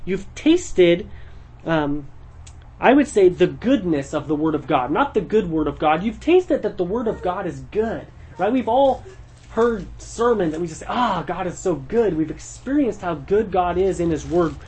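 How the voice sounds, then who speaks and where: A man's voice: sits high, animated, normal speed, a little mellow, slight background noise. A man teaching a church Bible study in a conversational way, explaining the text verse by verse and thinking aloud as he goes.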